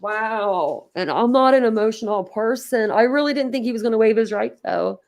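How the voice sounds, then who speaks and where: A woman's voice: a little high, normal speed, gravelly, few pauses, darkish tone. A woman hosting a casual livestream, talking emotionally and bluntly, rambling and swearing as she reacts. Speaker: livestream host.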